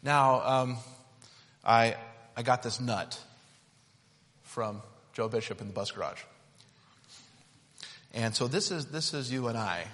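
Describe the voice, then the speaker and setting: A man's voice: medium pitch, slow pace, pauses often, fairly bright tone, big-room sound. A man preaching a sermon built around a hands-on object lesson, talking in a conversational, playful and demonstrative way.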